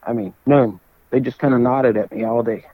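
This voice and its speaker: South Louisiana fishing guide, dull dry sound. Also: male voice, mid-range voice, steady tone, normal speed, dry recording. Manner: easygoing, jokey storyteller. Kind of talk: casual chat.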